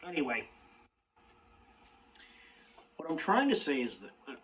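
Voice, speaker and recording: Slow, animated man in his thirties. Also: a little high, far from the mic, rough recording. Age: 30s. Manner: rambling, self-deprecating, emphatic repetitions. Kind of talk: casual monologue to camera.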